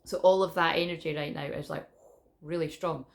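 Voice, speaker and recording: A woman's voice: low voice, steady tone, a little fast, vocal fry. A Scottish woman, a psychic reader, chatting to camera in a casual, rambling spiritual vlog, often restarting her sentences and swearing now and then. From Scotland. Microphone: camera in front of her.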